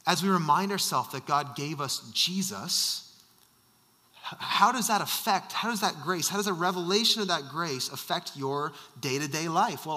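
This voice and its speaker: A man who is a senior pastor preaching a sermon, shifting between emphatic bursts and quiet asides. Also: on the high side, long reverb tail. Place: church sanctuary.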